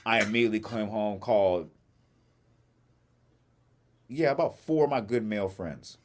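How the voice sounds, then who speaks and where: Deep-voiced man telling a story. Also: normal speed, crowd noise. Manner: animated storyteller, acts out quotes, swears freely. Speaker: podcast co-host. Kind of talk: casual storytelling chat.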